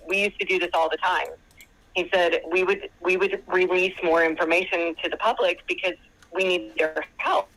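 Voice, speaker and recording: A woman's voice: fairly low pitch, vocal fry, a bit bright, poor audio. A woman calling in to a show by phone, chatting and retelling a long conversation as she quotes others at length. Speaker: caller. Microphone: phone call.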